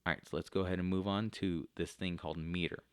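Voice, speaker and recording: Low-voiced man teaching a class. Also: flat delivery, fast talker, clean tone, no echo. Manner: explanatory, with frequent fillers. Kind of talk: recorded classroom lecture.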